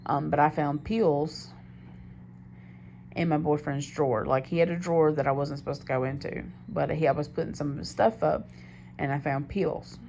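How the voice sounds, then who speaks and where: A young woman with a notably low voice tells a personal story straight to the camera. She rambles candidly and keeps doubling back mid-sentence, with a faint hiss under her voice. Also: steady tone, moderate pace, creaky, dark tone. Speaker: diary vlogger. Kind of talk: confessional storytelling monologue.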